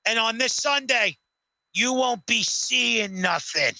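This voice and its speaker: A man's voice: very high voice, takes it slowly, sharp tone, dry recording, heavily acted. Man putting on a brash male wrestling star mocking his rival, thin-toned and dry. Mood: taunting. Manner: trash-talking, repeats his catchphrase. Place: at home.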